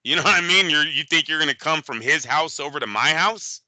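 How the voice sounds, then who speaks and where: A man co-hosting a boxing podcast in casual chat, animated and profane, often slipping into quick impressions. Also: fairly high pitch, no room sound, poor audio. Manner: animated, profane, impersonates fighters. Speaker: boxing show co-host.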